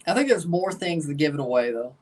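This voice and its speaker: Hosting a casual live soccer watchalong, a Southern US man talks with viewers, responds to chat and calls out the minutes as the match runs. His voice is fairly high and a little mellow, delivered quickly and animatedly from far from the mic.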